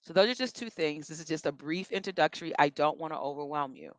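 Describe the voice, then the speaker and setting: A woman's voice: low voice, fast talker, no echo. A woman vocal coach leading a workshop, giving chatty, encouraging instructions and demonstrating yawns and breaths as she teaches.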